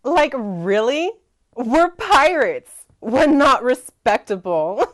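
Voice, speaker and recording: A woman's voice: high voice, very animated, slow, no echo. A woman in a comedy pirate skit, talking in a valley-girl manner with lots of "like". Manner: valley-girl "like" talk, giggly.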